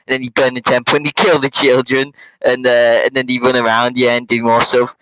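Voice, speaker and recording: A young man hosting a comedic movie recap, rambling casually with slang, fillers and quick quoted voices. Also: mid-range voice, monotone, fairly bright tone, slight background noise, poor audio. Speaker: host.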